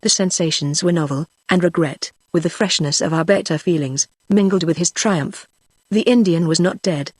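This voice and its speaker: A text-to-speech voice narrating a classic novel in an even, measured computer reading. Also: mid-range voice, no echo. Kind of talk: synthetic audiobook narration.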